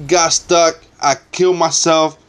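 A man's voice: a little high, fairly even intonation, a little slow, a bit bright, clean tone. A young man giving casual, trash-talking commentary over his own gameplay, swearing often and getting exasperated.

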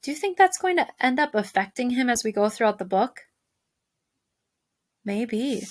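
A woman teacher who reads a novel aloud and reflects on it gently with her class, often pausing with "you know". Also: a little high, sing-song, dry recording.

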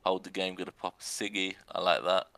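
A young man calls a video game match with sarcastic, excitable commentary. His voice is bright and forceful, sitting a little low. A faint noise hums behind him. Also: a little fast, vocal fry. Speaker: arena commentator.

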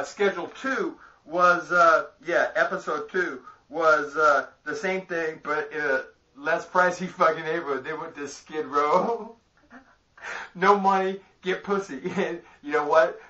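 A man's voice: high-pitched, bright, forceful tone. A man rambling a profane, boastful comic monologue to camera, laughing through his own jokes. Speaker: vlogger. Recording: dull lo-fi home video audio.

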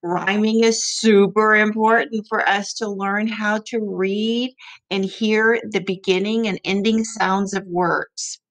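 A woman teacher leading a rhyming lesson for young children, encouraging them and repeating words slowly for them to echo. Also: mid-range voice, steady tone.

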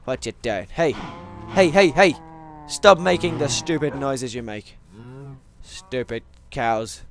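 A man with a mid-range voice speaks at a slow pace, with slight background noise, while hosting a Minecraft let's play for his gaming channel. He jokes, rambles and veers into tangents, talking to viewers and to in-game animals.

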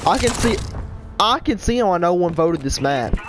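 A man's voice: sits high, expressive, normal speed, noisy background. A man giving rambling, frustrated gameplay commentary in a whiny tone. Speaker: gaming YouTuber.

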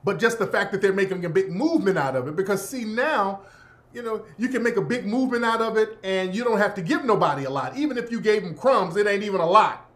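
A man commentating in a casual, profane, animated rant that often breaks into laughter. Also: high voice, quick pace. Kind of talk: casual monologue.

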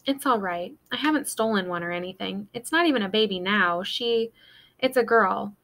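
A woman's voice: medium pitch, moderate pace, fairly bright tone, lightly acted. A woman voicing an earnest young boy who defends his secret.

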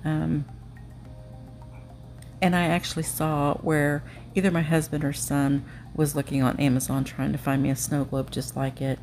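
A woman's voice: low-pitched, flat delivery, moderate pace, a little mellow, faint music behind. A woman narrating a nail art tutorial at home, chatty and self-deprecating, with frequent ums.

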